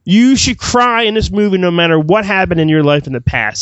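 A man co-hosting a casual movie review podcast, speaking with emphatic enthusiasm. His voice sits a bit high. The recording is dry and a little lo-fi. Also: expressive, brisk, hardly any pauses, no room sound. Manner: emphatic, gushing. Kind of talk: casual chat. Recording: dry, dull lo-fi audio.

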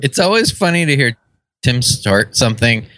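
A man's voice: medium pitch, very animated, normal speed, a bit bright, no echo. A man co-hosting a podcast, making amused, teasing remarks in casual chat. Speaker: podcast co-host.

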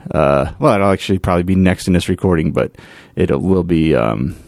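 Low-voiced man giving a homebrew update. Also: fairly quick, creaky, a little mellow, dry recording, clean studio sound. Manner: rambling, thinking aloud. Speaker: podcast host, home brewer. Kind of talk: casual spoken update.

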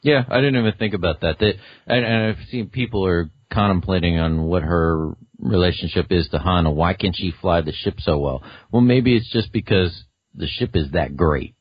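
A man guesting on a casual podcast, enthusiastic and rambling, quick to laugh. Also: sits low, husky, no room sound, muffled recording.

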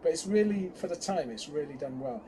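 A podcast co-host with a slightly high voice talks briskly in a casual fan chat over a noisy background. He speaks in animated bursts, often hesitating and restarting.

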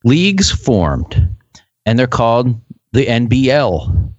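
A man's voice: medium pitch, takes it slowly, no room sound, highs cut off. A man hosting a casual podcast chat, laughing as he tells a story. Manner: animated, laughing storyteller explaining lore. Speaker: podcast host.

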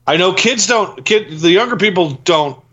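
A man co-hosting a laid-back podcast, his fairly high voice bright and forceful as he rants with plenty of swearing. His pitch swings widely as he gets going. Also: normal speed, muffled recording. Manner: profane, ranting, animated. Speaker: podcast co-host. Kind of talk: casual podcast chat.

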